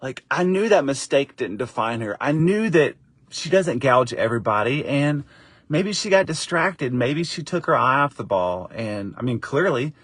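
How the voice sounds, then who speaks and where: A middle-aged man tells a personal story straight to camera in a casual, animated way. He jumps up into a higher voice to act out the people he quotes, then settles into warm encouragement. His voice sits in a middle range, recorded dry and close. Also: normal speed, breathy edge, dry recording. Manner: encouraging, faith-based wrap-up. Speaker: father and faith vlogger.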